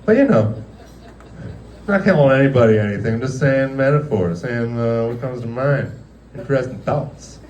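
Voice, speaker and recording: A man's voice: mid-range voice, lively intonation, moderate pace, darkish tone, distant mic, lo-fi sound, a little hiss or hum. A man in his thirties doing casual stand-up in a restaurant, rambling and laughing through his stories with lots of "like". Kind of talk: casual stand-up comedy storytelling. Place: dimly lit restaurant, live audience.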